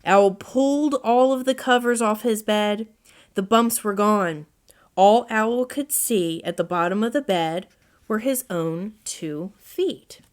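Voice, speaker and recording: A woman reading a children's storybook aloud as narrator, in a gentle read-aloud manner. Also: medium pitch, slow pace.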